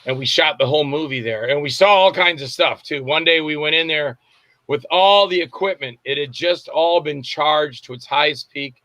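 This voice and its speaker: This man, a Tampa-based film director, speaks at a normal speed in a somewhat high, pushed, bright voice on a dry recording. He's being interviewed casually and spins long, meandering stories, frequently stopping to recall names.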